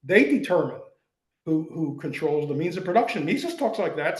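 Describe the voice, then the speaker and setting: A man's voice: fairly high pitch, normal speed, echoey room. An older man in a conversational discussion, telling stories with frequent restarts and repeated words. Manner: animated storytelling with frequent restarts. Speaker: guest, writer.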